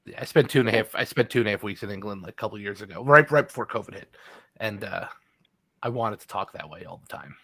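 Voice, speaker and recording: A man's voice: lowish voice, fast, gravelly, a bit bright, husky. Laid-back New York man, livestream guest, meandering filler-heavy delivery. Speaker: guest musician. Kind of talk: casual chat.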